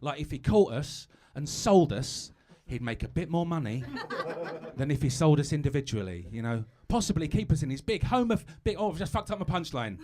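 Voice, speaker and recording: British guy doing stand-up, high voice that jumps around a lot, chatty and self-mocking. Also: sing-song, normal speed, few pauses, warm tone. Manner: chatty, self-mocking, stumbling over asides. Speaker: stand-up comedian. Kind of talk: stand-up comedy set. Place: live comedy stage.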